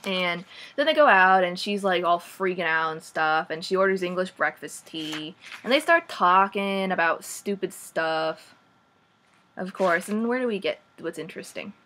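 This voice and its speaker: A young woman recapping a book in a casual vlog, sarcastic and animated, saying "like" a lot. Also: on the low side, moderate pace, slight background noise. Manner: sarcastic, says "like" often, animated. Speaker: vlogger.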